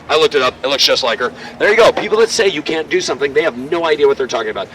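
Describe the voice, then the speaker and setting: Bright-voiced tour guide. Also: male voice, on the high side, very fast, hardly any pauses. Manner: lively joking storyteller. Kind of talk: guided walking tour talk. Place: outdoors on a city street. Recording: distant outdoor mic, faint street noise.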